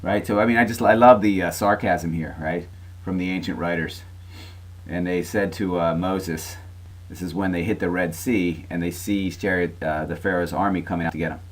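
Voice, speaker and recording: Male lecturer, lowish voice, loose conversational classroom delivery. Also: fairly even intonation, moderate pace. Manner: chatty, frequent tag questions and fillers. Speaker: college lecturer.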